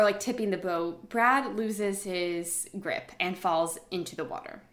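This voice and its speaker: Woman, chatty storyteller, mid-pitched voice, lots of fillers. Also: a bit bright. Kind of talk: casual storytelling chat.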